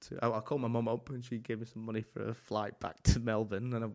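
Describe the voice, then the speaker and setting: A man, a chef and podcast guest telling animated anecdotes in a casual chat, full of swearing and restarts. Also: on the low side, fast talker.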